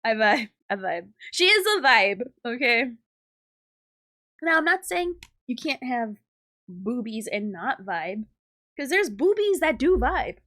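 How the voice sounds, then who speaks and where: A woman's voice: a little high, very animated, takes it slowly, sharp tone. A young adult woman streaming live, rambling in crude, giggly banter with her chat. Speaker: livestreamer.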